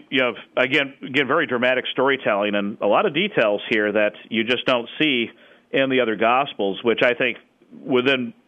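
A man's voice: medium pitch, narrow, tinny audio. A man in conversation, explaining scripture in a thoughtful way and often stopping to restart with fillers. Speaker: Bible scholar guest.

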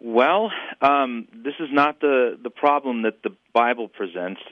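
A man's voice: mid-range voice, measured pace, no echo, narrow, tinny audio. A man who is a guest on a radio talk show, explaining things in an earnest, doctrinal way. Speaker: guest, internet radio host.

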